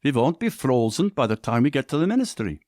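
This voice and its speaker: A man's voice: fairly high pitch, very animated, a little slow, darkish tone, dry recording, studio quality, voice pushed up. Enoch, a man as a sober father. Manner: plain, sober advice. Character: warm, serious father and minister.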